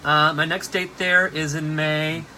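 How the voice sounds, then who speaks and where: Man, drag performer, casual backstage chat, dry teasing wit, bright voice. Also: little pitch movement, unhurried, a little hiss or hum, low-quality recording. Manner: dry teasing humor, often drops to a low murmur. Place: backstage at a bar.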